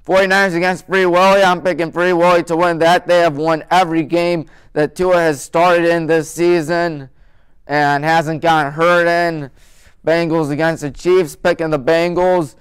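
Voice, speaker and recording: A man's voice: on the high side, little pitch movement, moderate pace, smooth. A male sports talk show host rattling off his weekly game picks in a joking, opinionated way, with mocking nicknames for teams.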